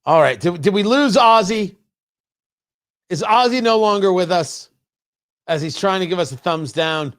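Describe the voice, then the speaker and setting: A male host on a live-streamed talk show, joking with chat viewers and often restarting his sentences. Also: high voice. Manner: animated, teasing chat-reader banter; halting, restarts mid-sentence.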